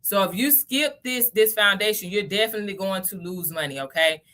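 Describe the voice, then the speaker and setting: A woman's voice: mid-range voice, fairly quick, pushed and bright, soft background music. A Southern woman from Tennessee, around her thirties, hosting a casual crypto livestream, chatty and often checking in with "okay?" and "y'all".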